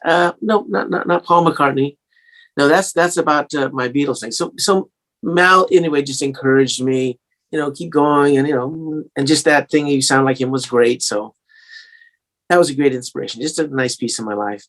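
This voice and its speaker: A man's voice: fairly high pitch, moderate pace, a bit bright. A man with a slightly English-tinged American accent, a singer-songwriter telling stories in a casual interview, rambling with many fillers and restarts.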